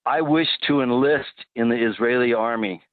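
A man calling in to a radio show, speaking in an earnest, deliberate way with deadpan sarcasm. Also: mid-range voice, no room sound. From United States. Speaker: caller. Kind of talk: phone-in call. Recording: tinny phone line.

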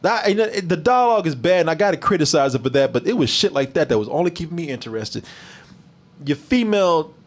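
A man hosting a casual movie review stream, animated, profane and mocking. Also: fairly high pitch, fast talker.

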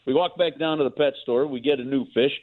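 A man's voice: medium pitch, quick pace. Guy calling into sports radio, tinny phone sound, rambly story w lots of restarts. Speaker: guest sports broadcaster. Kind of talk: casual radio chat by phone. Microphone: phone call.

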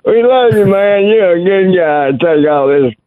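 Brief: rowdy caller, whooping and hollering, high voice over a tinny phone line. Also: male voice, animated, unhurried, no room sound. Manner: loud, boisterous, whooping and hollering. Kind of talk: rowdy trash talk on a call-in radio show.

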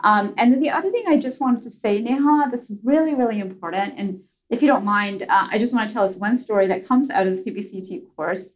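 A woman speaking in an earnest conversational way, telling a story with restarts and soft asides. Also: fairly high pitch, brisk. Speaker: guest parent speaker. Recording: slightly dull lo-fi sound.

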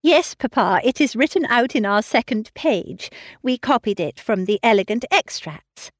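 A self-assured young lady as a woman reads her, brisk and reassuring in a storybook telling. Her fairly high voice lifts and falls with lively ease. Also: dry recording, studio quality. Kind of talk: audiobook reading of a classic novel.

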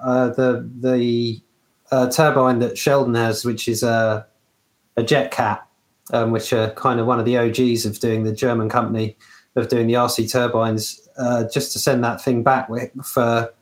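A man's voice: medium pitch, flat delivery, a little slow. A man co-hosting a casual hobby stream, reading out chat and explaining with many ums and restarts. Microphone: remote call mic. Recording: roomy echo.

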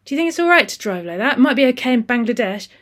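A narrator voicing an angry male van driver who shouts aggressive threats, louder and higher than the narration. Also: steady tone, fast talker, natural voice. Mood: furious.

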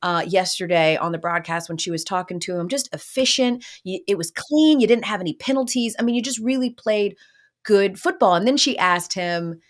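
Woman, sports show host, casual chat, animated, talkative. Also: medium pitch, moderate pace. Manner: lively, animated, chatty with fillers. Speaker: podcast host.

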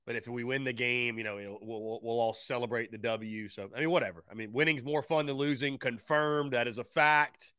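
A man's voice: medium pitch, fairly even intonation, brisk, few pauses, sharp tone, clean tone, no room sound, studio quality. A man hosting a call-in sports talk show, upbeat and fond of repeating phrases for emphasis. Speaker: sports radio show host.

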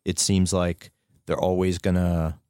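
Real deep deadpan guy, podcast chat, dry close sound. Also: unhurried, smooth, no echo. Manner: deadpan, wry narrating asides. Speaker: podcast co-host. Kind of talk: casual chat.

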